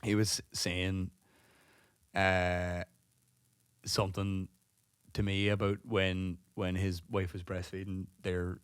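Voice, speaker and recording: A man's voice: deep voice, level tone, slow, pauses often, clear, resonant tone, dry recording, studio quality. A man of about thirty, a podcast co-host rambling through a funny story in casual chat, swearing and laughing as he talks. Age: 30s.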